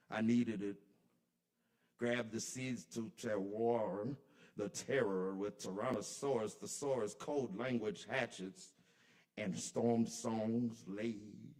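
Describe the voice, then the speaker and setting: A man at an open mic in a kava bar, performing spoken word poetry in a rhythmic, incantatory way that swings between soft and loud. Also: fairly low pitch.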